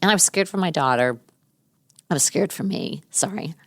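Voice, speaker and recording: A middle-aged woman telling personal stories in an interview, chatty and warm, laughing often and breaking into higher voices to quote her young daughter. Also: expressive, moderate pace, no echo. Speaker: interview guest.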